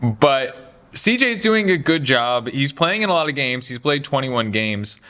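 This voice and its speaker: A man giving casual, opinionated basketball talk, chatty and animated, slipping into mocking voices for quotes. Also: medium pitch, unhurried. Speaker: basketball commentary host.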